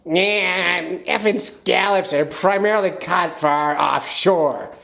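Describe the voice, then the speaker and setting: Guy doing a gruff salty boat captain, cussing, kinda high and pinched. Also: slow, fairly bright tone, full character voice. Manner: clipped, blunt, swearing. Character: gruff foul-mouthed male Maine boat captain.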